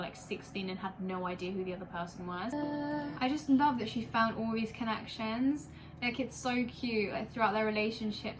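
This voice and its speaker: A woman's voice: medium pitch, slight background noise, low-quality recording. A young woman vlogging casually about an album, gushing and chatty, with lots of "like" in her speech. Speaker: music vlogger. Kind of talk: casual chat reviewing an album.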